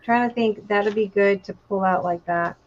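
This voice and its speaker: A woman's voice: medium pitch, normal speed, highs cut off. A woman from Texas chatting casually while crafting on a live stream, friendly and full of fillers.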